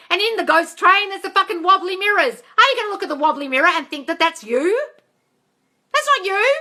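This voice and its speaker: Woman, high bright voice, swings up and down, blunt, sweary, coaching live on a phone. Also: lively intonation, brisk. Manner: blunt, profane, playful, calls everyone darling. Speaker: manifestation coach answering live questions. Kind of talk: casual live Q&A, reading comments aloud.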